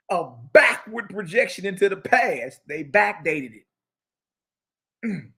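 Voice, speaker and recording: A man, holding forth in a lively religious lecture. He reads a passage aloud in a higher, bright voice, then breaks off to mock and preach in slangy asides. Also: breathy edge. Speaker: teacher. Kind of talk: animated religious lecture reading from a book.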